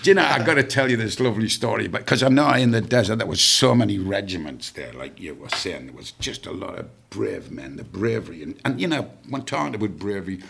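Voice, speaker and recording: A man's voice: fairly low pitch, animated, quick pace, creaky, few pauses, fairly bright tone, husky. An older man in his seventies, a rock singer as guest, rambling through anecdotes with many fillers and casual swearing. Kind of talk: casual storytelling chat.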